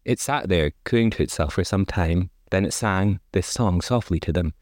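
A man's voice: low-pitched, moderate pace, a little mellow, no room sound, clean studio sound. A man co-hosting a podcast, reading a fairy tale aloud with wry, casual asides. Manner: wry asides, frequent laughs, many "like"s. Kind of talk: casual read-aloud with commentary.

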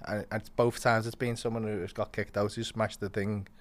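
Fast-talking man, rambling. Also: lowish voice, flat delivery. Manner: rapid, rambling, swears freely. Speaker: comedian. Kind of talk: casual chat.

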